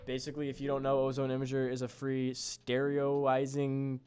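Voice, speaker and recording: A man's voice: mid-range voice, monotone, moderate pace, darkish tone, faint music behind. A young man casually walking through how he made a beat, laid-back and rambling, with offhand swearing. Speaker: beat producer. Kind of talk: casual screen-recorded tutorial.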